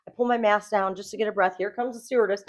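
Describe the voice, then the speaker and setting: Casual female co-host, middle-aged, animated storyteller, plays out the voices. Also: medium pitch, quick pace. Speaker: podcast co-host.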